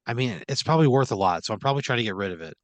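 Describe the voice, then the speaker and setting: A man's voice: medium pitch, lively intonation, rapid-fire, dry recording. A man on a comedy podcast, reacting in an exasperated, swearing casual chat on a close mic. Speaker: podcast co-host.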